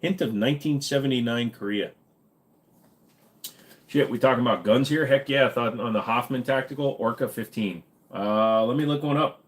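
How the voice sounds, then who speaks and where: A man's voice: mid-range voice, normal speed. A man with a slight Minnesota accent, hosting a casual live Q&A stream, tired and wisecracking, swearing offhandedly. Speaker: livestream host.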